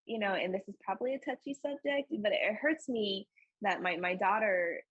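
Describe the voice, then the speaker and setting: A young woman speaking as a podcast guest, earnest and emotional in candid conversation, with a husky voice. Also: medium pitch, moderate pace, no room sound, highs cut off. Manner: earnest and emotional, frequent fillers and laughs.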